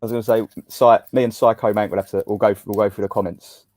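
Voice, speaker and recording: A man's voice: lowish voice, level tone, fast, darkish tone, no echo, faint music behind. A man chatting casually about football as co-host, hesitant and often restarting his sentences.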